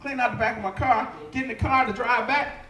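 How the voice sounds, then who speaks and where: High-voiced young man doing profane stand-up. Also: fairly even intonation, a little fast. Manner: loud, profane storytelling with shouted punchlines. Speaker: stand-up comedian. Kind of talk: live stand-up set. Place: comedy club stage. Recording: echoey live club room.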